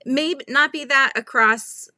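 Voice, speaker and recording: A woman's voice: high voice, slow pace, bright, forceful tone, no echo. A woman hosting a live crochet chat, thinking aloud and talking through pattern steps with viewers. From California. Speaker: crochet livestream host.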